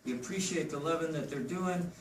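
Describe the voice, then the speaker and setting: A man speaking at a memorial gathering in halting, emotional remarks that trail off. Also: fairly high pitch, noisy background. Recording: echoey room, far from the mic, guitar behind.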